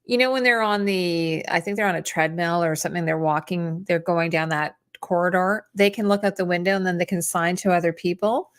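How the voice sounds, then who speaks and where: A woman's voice: on the low side, fairly even intonation, fairly quick, few pauses. A woman co-hosting a casual livestream chat, talking in a chatty way and often trailing off mid-thought. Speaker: co-host.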